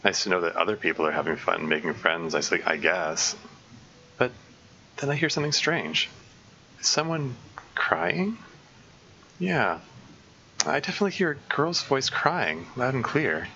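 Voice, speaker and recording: A man's voice: low voice, lively intonation, moderate pace, pushed and bright, a little hiss or hum. Man giving casual developer commentary. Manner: casual and self-deprecating, with stammered restarts. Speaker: game mod developer. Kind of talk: let's-play narration and developer commentary. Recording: dull lo-fi sound with music behind.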